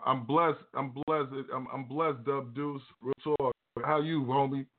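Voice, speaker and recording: On a casual live radio show streamed on Facebook, a man chats in laid-back street slang packed with fillers. His medium-pitched voice is fairly even and measured, coming through a tinny, phone-like line with a noisy background.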